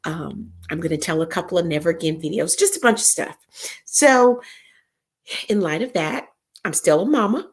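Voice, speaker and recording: A woman, hosting a live stream and talking straight to viewers with encouraging, preachy advice. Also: fairly low pitch. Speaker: live-stream host and comedian. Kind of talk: casual chat to viewers.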